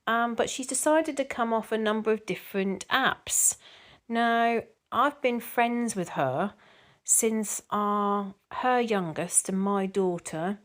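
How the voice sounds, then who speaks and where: Woman, middle-aged, casual vlog chat, rambling, lots of ums, average pitch. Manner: chatty, rambling, with many ums and restarts. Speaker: vlogger reading viewer comments.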